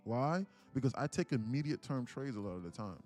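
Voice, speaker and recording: A man's voice: mid-range voice, expressive, brisk, a little mellow, soft background music. A man hosting a live day-trading stream, talking in a hyped, preachy way with slang and a stream of rhetorical questions. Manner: slangy, casual street talk. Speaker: day trading livestream host.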